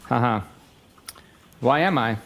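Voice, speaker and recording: A man reading an exchange of text messages aloud in a flat, matter-of-fact way. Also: medium pitch, slow pace, a little hiss or hum.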